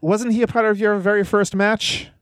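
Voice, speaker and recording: Higher-voiced male host asking questions. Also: fairly even intonation, moderate pace, clear, resonant tone, dry recording, clean studio sound. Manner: prompting questions, fills in names and details. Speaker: podcast host interviewer. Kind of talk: casual interview.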